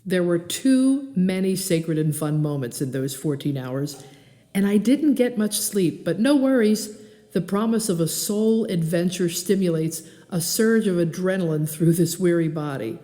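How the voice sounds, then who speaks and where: A woman hosting a podcast, reading her own travel memoir aloud in an animated, expressive way. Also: on the low side, a little slow, in a large hall. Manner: animated, acts out dialogue and song lines.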